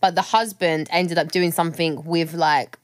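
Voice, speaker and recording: A woman's voice: fairly low pitch, steady tone, heavy background noise. A young woman co-hosting a podcast, reacting emphatically and chatting casually. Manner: emphatic agreeing, quick reactions. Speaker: podcast co-host. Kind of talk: casual chat.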